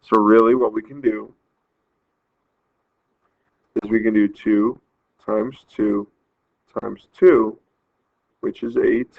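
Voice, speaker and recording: A man's voice: on the low side, fairly even intonation, takes it slowly, creaky, no room sound. A man teaching a math lesson, patiently explaining step by step and counting aloud. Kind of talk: recorded math lesson walkthrough. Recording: tinny phone-like audio, dry.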